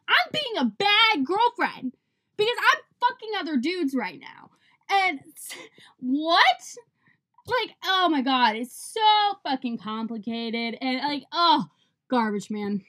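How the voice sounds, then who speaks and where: A young woman casually telling a dating story, profane, animated and exasperated. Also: high voice.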